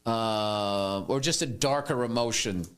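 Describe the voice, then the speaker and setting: Low, halting, candid middle-aged man. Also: fairly bright tone, clear, resonant tone. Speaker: guest. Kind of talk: candid interview.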